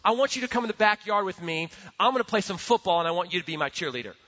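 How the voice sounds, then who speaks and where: Wysoki, jasny głos pastora, pogłos sali. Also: male voice, high-pitched, rapid-fire. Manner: earnest, animated storytelling with repeated words. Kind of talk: sermon. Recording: dull sound with long hall reverb.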